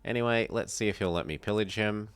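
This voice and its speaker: This South Australian streamer offers casual live commentary on a strategy game, musing aloud and fielding viewer questions quickly in a lowish voice. The tone is clean and the recording dry.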